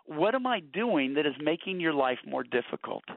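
A man's voice: on the high side, very animated, moderate pace, gravelly, no room sound. A middle-aged man telling earnest, anecdotal stories about marriage, often repeating words at the start of a thought. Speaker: guest author on marriage. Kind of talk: conversational storytelling. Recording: dry, tinny phone-like radio audio.

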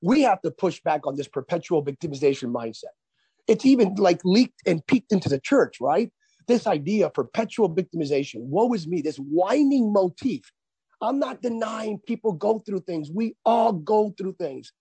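A man, a pastor and author, preaching as a guest on a radio talk show, with emphatic, drawn-out stressed phrases. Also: high-pitched, animated, warm tone, slightly rough, no echo.

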